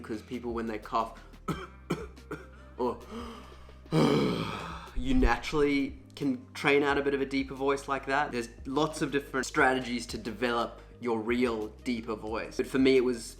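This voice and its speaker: A young man speaks candidly and casually, filling his story with little ums and likes. His voice is smooth and low at an average pitch. Faint music plays quietly behind him. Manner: chatty, candid, many fillers. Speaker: vlogger sharing his own voice story.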